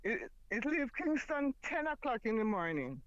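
Lively Jamaican caller on a dull line. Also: mid-range voice, normal speed, no room sound. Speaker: radio caller. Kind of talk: casual phone-in chat.

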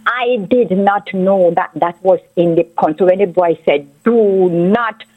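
A woman's voice: fairly low pitch, moderate pace. Older lady calling in on a tinny phone line, telling her church testimony all earnest and fervent, going over it again and again. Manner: earnest storyteller who repeats herself, fervent. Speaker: radio caller.

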